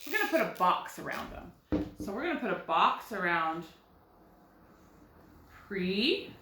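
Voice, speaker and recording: A first grade teacher, a woman, talking young children through a recorded phonics lesson with slow, clear explanations. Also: mid-range voice, big pitch swings, echoey room, background noise.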